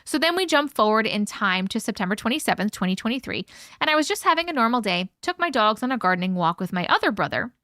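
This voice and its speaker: A woman's voice: a little high, very animated, quick pace, bright, forceful tone, no echo, studio quality. A woman hosting a live stream, reading a viewer's story aloud and breaking in with chatty asides. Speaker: host reading viewer stories.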